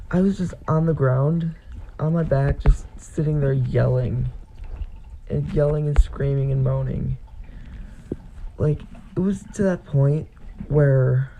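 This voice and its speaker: A man's voice: on the high side, fairly even intonation, slow pace, pauses often, mellow, a little hiss or hum, rough recording. A young man casually telling a personal story on his vlog, rambling and full of fillers. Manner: rambling, filler-heavy retelling. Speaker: vlogger.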